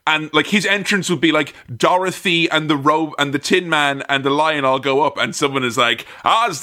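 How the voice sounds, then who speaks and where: A man's voice: fairly high pitch, moderate pace, hardly any pauses, sharp tone. A man, co-hosting a film podcast in a jokey, rambling way that drifts into tangents. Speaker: podcast co-host. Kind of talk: casual film chat.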